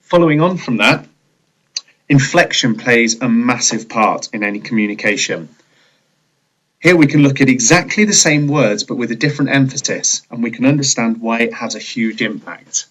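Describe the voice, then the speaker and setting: A man at a middle pitch talks through a training lesson. He explains each point in a steady, measured way, like a scripted presenter. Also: rough recording. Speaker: leadership trainer.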